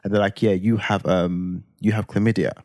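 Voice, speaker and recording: Animated London man telling a story. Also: fairly low pitch, normal speed, no room sound, clean studio sound. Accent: London English. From England. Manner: animated, swears freely, acts out heated quotes. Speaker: podcast co-host. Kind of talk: casual storytelling chat.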